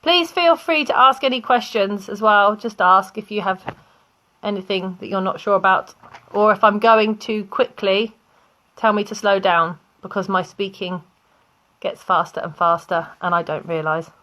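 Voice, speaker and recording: A young woman with a British accent teaching English vocabulary online, explaining slowly with examples and small laughs. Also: medium pitch, sharp tone.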